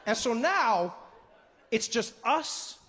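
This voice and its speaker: A male stand-up comedian telling a story on a live stage, animated and acting out characters as he goes. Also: very high voice, slow, long reverb tail. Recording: live show with audience noise.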